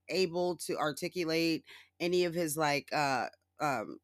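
Podcast host, casual solo rant, sarcastic, profane, mocking impressions, mid pitch, dry close sound. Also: a little slow, no echo. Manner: laughs often and mimics others in exaggerated high voices.

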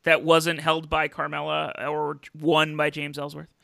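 Bright, gravelly man talking wrestling. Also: fairly high pitch, completely flat delivery, unhurried, no echo. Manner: chatty, with many fillers and restarts. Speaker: podcast host. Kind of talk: casual wrestling talk.

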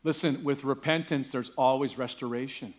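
A man's voice: medium pitch, steady tone, normal speed. Man preaching a conversational sermon. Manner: conversational storytelling, rising to emphatic preaching. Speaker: pastor. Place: church.

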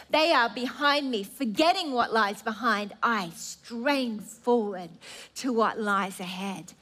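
Slow, high-voiced woman preaching. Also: pushed and bright. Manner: earnest, emphatic, drawn-out phrases with stammering restarts. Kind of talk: sermon.

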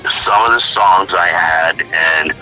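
A middle-aged male musician talking casually in an interview, animated and blunt, acting out what others said. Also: low voice, slow pace, faint music behind, low-quality recording. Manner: animated storyteller, acts out quotes, swears freely. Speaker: musician guest.

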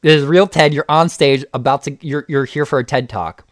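A man's voice: fairly high pitch, fairly quick, dry recording, studio quality. A young man co-hosting a podcast, chatting casually and rambling with frequent restarts. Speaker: podcast co-host. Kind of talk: casual chat.

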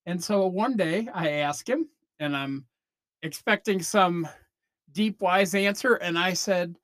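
A man's voice: sits high, takes it slowly, a bit bright, dry recording, clean studio sound. A man in his fifties from Northern Illinois, hosting a podcast in a casual, meandering monologue with easy swearing. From Northern Illinois, USA. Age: 50s. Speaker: podcast host.

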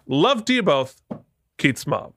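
A man co-hosting a casual podcast, animated and playful, laughing often as he reads listener mail. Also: a little high, takes it slowly, gravelly, a little hiss or hum. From Vermont. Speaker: podcast co-host.

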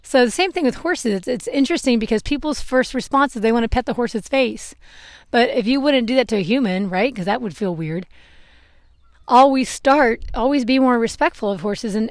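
This young woman, a vlogger and horse owner, talks in a fairly high voice as she brushes her horse outside, wandering off topic now and then and giggling at her own mistakes. Her clip-on microphone gives a studio-quality sound with no echo.

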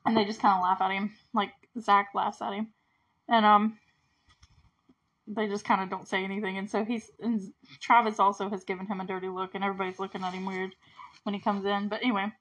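A woman's voice: medium pitch, level tone, fairly quick, a bit bright, poor audio. A woman hosting a casual movie recap, chatty and giggly, filling her talk with "like". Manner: chatty, giggly, heavy use of "like".

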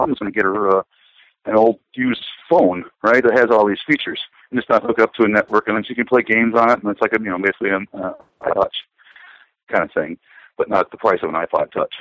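A man's voice: fairly low pitch, a bit bright, no echo. Middle-aged guy rambling in a chat, lots of ums, dry dull lo-fi sound. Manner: rambling, hesitant with many fillers and restarts. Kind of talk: casual conversation.

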